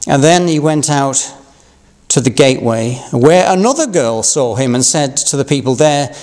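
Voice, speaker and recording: A man from Yorkshire preaching an Easter sermon, reading scripture and talking in a measured, conversational way with asides. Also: medium pitch, darkish tone. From Yorkshire, England. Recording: long reverb of a large hall.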